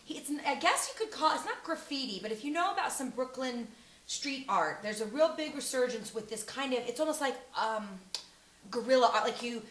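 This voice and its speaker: A woman's voice: high-pitched, expressive, a little fast, fairly bright tone, echoey room, rough recording. A woman co-hosting an online morning show, chatting casually and rambling with lots of fillers. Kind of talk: casual chat.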